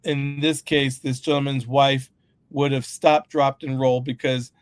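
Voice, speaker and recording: A man's voice: medium pitch, flat delivery, unhurried, no room sound. A man co-hosting a casual podcast chat, talking emphatically and riffing with humorous asides. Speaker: podcast co-host.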